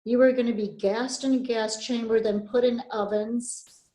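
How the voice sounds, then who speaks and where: A woman's voice: fairly high pitch, steady tone, normal speed, dark tone. An older woman from Poland giving a personal testimony talk, earnest and emphatic, repeating key phrases. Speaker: Holocaust survivor speaker. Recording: echoey room.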